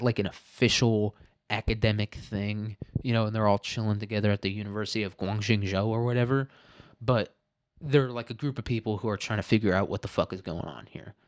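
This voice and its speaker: A man's voice: on the low side, no echo, studio quality. A man hosting a podcast alone, telling rambling stories in casual, profane talk and laughing often. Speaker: podcast host. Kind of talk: casual solo podcast monologue.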